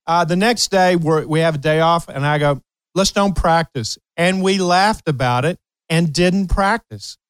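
Laughing storyteller man, smooth voice. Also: on the high side, measured pace, dry recording. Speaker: host, tennis coach. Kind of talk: storytelling in casual chat.

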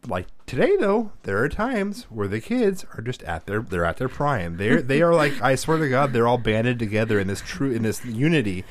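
A man in his thirties, a podcast co-host, telling rowdy, profane stories and shouting when he acts out scenes. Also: mid-range voice, normal speed, few pauses, dry recording. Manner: profane, animated storyteller who shouts when reenacting. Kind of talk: casual chat.

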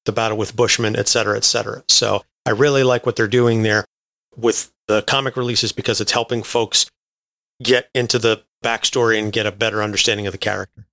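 Podcast guest guy, thoughtful and measured, dry close mic. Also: on the low side, flat delivery, creaky, pushed and bright, no room sound. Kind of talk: casual podcast chat.

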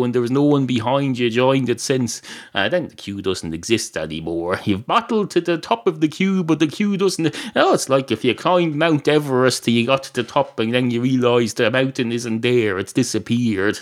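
A man hosting a podcast in a rambling comic monologue, dry and digressive. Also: mid-range voice. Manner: digressive, dry, many fillers and restarts. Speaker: podcast host.

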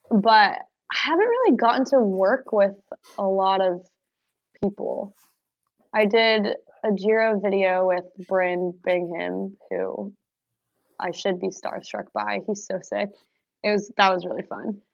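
A woman's voice: medium pitch, lively intonation, slow, gravelly. A young woman talking as an athlete guest in a casual podcast chat, laughing often and filling her speech with "like". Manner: chatty, laughs often, many "like" fillers. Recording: slightly dull, dry audio.

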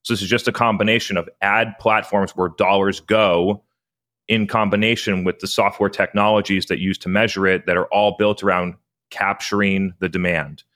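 A man's voice: deep voice, little pitch movement, moderate pace, fairly bright tone. A man who hosts a podcast and runs a marketing agency, explaining his view in a casual, businesslike, agreeable way.

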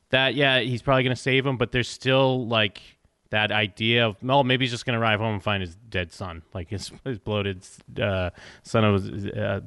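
A man's voice: mid-range voice, a bit bright, clean tone, no room sound, studio quality. A man co-hosting a casual podcast recap, rambling with frequent restarts and casual swearing. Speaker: podcast co-host.

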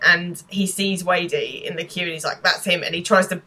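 A British woman co-hosting a podcast, casually recapping a TV episode with animated quoted lines and laughter. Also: on the low side, a little fast, hardly any pauses, poor audio. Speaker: podcast co-host.

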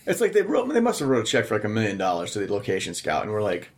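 A man hosting a casual podcast chat, telling stories in an animated way and swearing often. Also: on the low side, racing. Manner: animated storytelling with frequent swearing. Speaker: podcast host.

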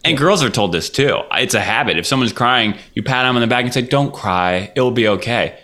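A man's voice: medium pitch, expressive, fast, sharp tone. A man hosting a casual podcast chat, reflective and full of questions for his friends. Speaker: podcast host.

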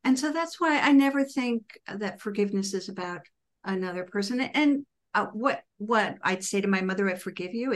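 A middle-aged woman, a composer, telling personal stories in an interview and acting out her own past words with lively emphasis. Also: mid-range voice. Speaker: composer and author, guest. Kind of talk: conversational interview storytelling.

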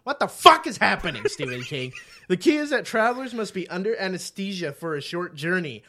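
A man's voice: high voice, very animated, brisk, sharp tone, a little hiss or hum. A man co-hosting a podcast, ranting in casual chat with heavy profanity. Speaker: podcast co-host.

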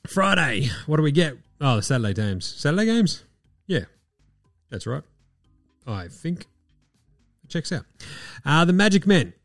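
A man's voice: fairly high pitch, sing-song, measured pace, pauses often, fairly bright tone, no room sound, clean studio sound, soft background music. Laid-back Australian man hosting. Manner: laid-back, swearing, jokey asides. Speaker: podcast host. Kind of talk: casual chat.

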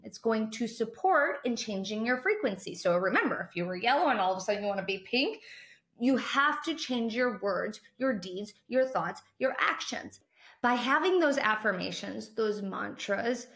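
A woman's voice: fairly high pitch, fairly bright tone. Upbeat woman podcaster in a roomy space. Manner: upbeat, encouraging, speaks directly to listeners. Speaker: podcast host. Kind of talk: motivational podcast talk. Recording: roomy echo.

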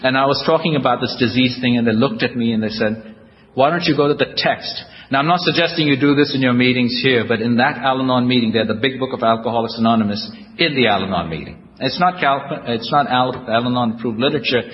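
At a convention, a man speaks at a quick pace in a medium-pitched voice, telling his recovery story with wry, self-mocking humor to a live crowd. A little hiss or hum sits on the dull lo-fi tape, and the large hall echoes.

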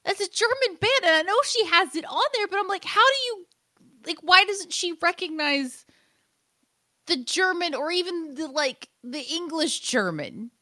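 A woman co-hosting a casual chat, animated and swearing freely. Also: extremely high pitch, normal speed, no echo, studio quality. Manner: animated, swearing, mimics voices.

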